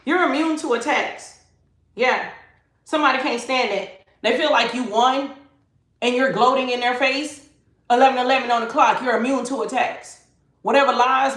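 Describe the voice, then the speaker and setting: A woman's voice: sits high, a bit bright. A woman giving a livestreamed tarot reading. She is emphatic and slangy and repeats her phrases. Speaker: tarot reader. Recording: echoey room, faint noise.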